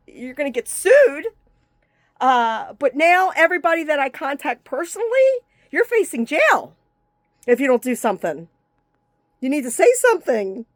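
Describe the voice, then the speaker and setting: A woman delivers a scattershot rant to the camera, her sentences breaking off and restarting as she leaps from one grievance to the next. Her voice sits on the higher side and swings dramatically up and down. She swears freely, and the sound is dry and close, with no room around it. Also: no echo. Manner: agitated, profane, jumps between topics; speaks in fragments with frequent restarts. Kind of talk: rambling direct-to-camera rant.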